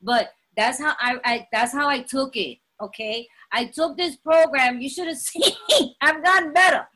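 High, bright, emphatic woman. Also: moderate pace. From Latin American heritage. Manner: animated, emphatic, dramatic storytelling; laughs often while talking. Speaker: recovery meeting speaker. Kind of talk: personal testimony talk.

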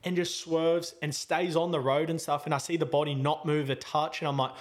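A man's voice: a little high, flat delivery, brisk, hardly any pauses. A man, a podcast host telling a travel story in casual, rambling chat full of slang and fillers.

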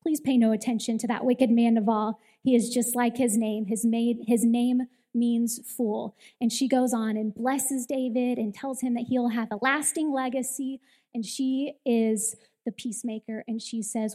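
A woman in her thirties giving a Mother's Day church talk, telling a story in an animated way and acting out the quoted lines. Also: a little high, normal speed. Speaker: women's ministry speaker. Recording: long hall reverb.

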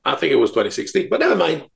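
Man, 50s, Italian accent, gravelly voice, halting with lots of fillers, self-mocking, casual podcast chat. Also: fairly high pitch, a bit bright. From Italy. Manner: hesitant, many fillers and restarts, self-mocking humour. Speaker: podcast co-host.

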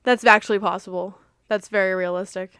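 A woman's voice: medium pitch, fairly even intonation, a little fast, a bit bright, smooth, no echo. A woman in casual podcast chat, with a mid-range voice. Her remarks come out dry and wry. The recording is close and dry. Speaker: podcast co-host.

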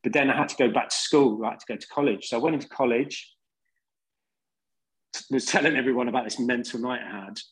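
Husky london guy rambling thru old band stories, lots of ums, easygoing. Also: medium pitch, fast, pauses often, rough recording. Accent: London English. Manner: rambling, laid-back anecdotes with many fillers. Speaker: podcast guest, band singer. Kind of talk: casual storytelling.

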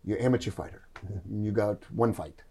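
A man putting on the voice of a gentle, soft-spoken big male fighter friend who talks in slow, broken English. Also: lowish voice, breathy edge. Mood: puzzled calm.

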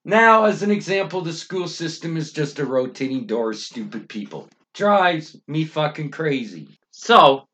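A man's voice: fairly high pitch, wildly swooping pitch, a little slow, few pauses, fairly bright tone. Angry swearing man ranting. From Canada. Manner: angry, swearing constantly, emphatic outbursts. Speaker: podcast host. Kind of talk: profane ranting monologue.

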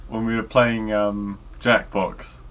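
Low guy on a podcast, rambles through stories, laughs along. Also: flat delivery, slow, a bit bright, clear, resonant tone. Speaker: podcast co-host. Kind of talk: casual chat.

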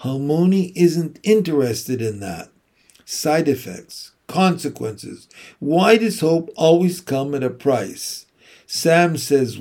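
A man reading a children's novel aloud in first person, slow, even and reflective. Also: a little high. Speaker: audiobook narrator. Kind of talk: scripted first-person narration.

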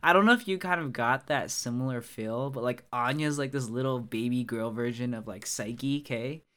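A man's voice: medium pitch, moderate pace, a bit bright. Man rambling in casual podcast chat. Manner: rambling, searches for words, says "like" and "dude". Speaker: podcast co-host.

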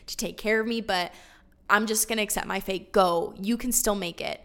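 A woman voicing an aging widowed mother-in-law who urges her daughters-in-law to leave, in a casual, joking paraphrase with loud bursts. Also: mid-range voice, moderate pace. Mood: pleading.

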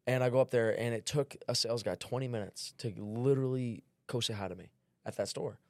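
A man's voice: medium pitch, fairly quick, no room sound. A man, a sales trainer talking as a podcast guest, brash and profane, telling stories with quoted dialogue. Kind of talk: casual podcast chat.

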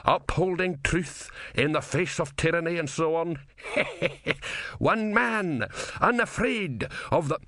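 A man voicing an eccentric, cheerful old male philosopher with a high, lively, chuckling voice. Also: normal speed, dry recording, clean studio sound, heavily acted.

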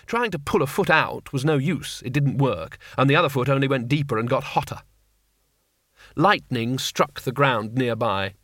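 Dry, measured male audiobook narrator. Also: mid-range voice, lively intonation, fairly bright tone, no room sound.

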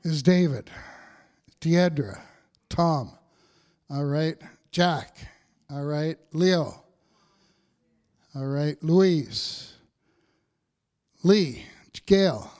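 Pastor preaching, higher-pitched man. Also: extremely slow, long pauses, darkish tone. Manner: conversational preaching, frequent "all right" checks with the congregation. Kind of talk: sermon.

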